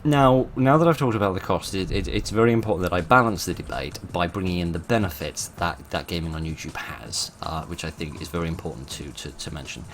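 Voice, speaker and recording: A man with a very low voice talks through his channel's past and future in a loose, informal way. He weighs each point aloud, stopping and restarting often. A faint hiss sits under the recording. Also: fairly quick, few pauses. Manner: thoughtful, hesitant, many fillers and restarts. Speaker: channel host.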